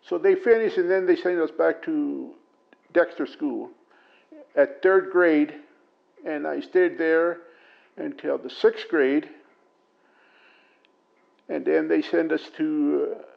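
Older man, interviewee, gravelly and somewhat high, dull lo-fi tape sound, calm storytelling with pauses. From Prescott, Arizona. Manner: plain unhurried storytelling with many pauses and fillers. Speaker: oral history interviewee. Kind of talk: recounting memories.

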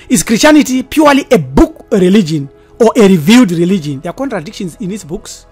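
A woman presenter giving a scripted talk, with an emphatic, deliberate and pointed delivery. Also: mid-range voice, a little mellow, breathy edge.

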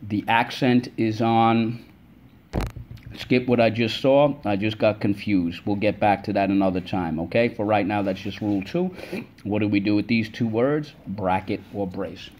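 A man's voice: fairly low pitch, a little mellow, slight background noise. A male teacher giving a spelling lesson to children, patient and stretching out the syllables of each word. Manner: slow, patient, drawn-out syllables.

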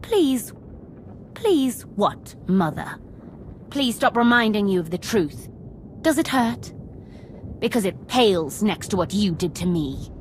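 An actress playing a bitter, vengeful young empress in a video game, scornful and cutting. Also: female voice, medium pitch, big pitch swings, takes it slowly, long pauses, slight background noise.

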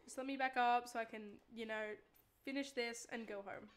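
Australian woman, live gamer, pitched slightly high, frustrated and begging, chatty with her viewers. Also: fairly even intonation, a little fast. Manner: exasperated, pleading, talks to chat. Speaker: streamer. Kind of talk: casual live-stream gaming chatter.

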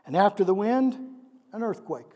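A man's voice: sits high, expressive, normal speed, warm tone. A male pastor delivering a sermon in a conversational way, often putting questions to his congregation. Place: church sanctuary. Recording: long reverb of a large hall.

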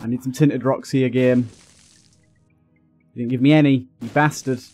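Excitable man playing a game. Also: medium pitch, normal speed, soft background music. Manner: excitable, frustrated outbursts and swearing. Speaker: gaming YouTuber. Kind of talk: let's play commentary.

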